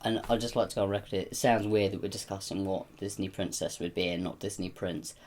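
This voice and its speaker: A young man co-hosting a podcast late at night, worn out after a long stretch of work. His voice sits a little low as he rambles, teases and laughs. Faint noise hums under the recording. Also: fairly even intonation, fast talker, a little mellow. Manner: teasing, rambling, laughs often. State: tired. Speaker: podcast co-host. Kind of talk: casual chat.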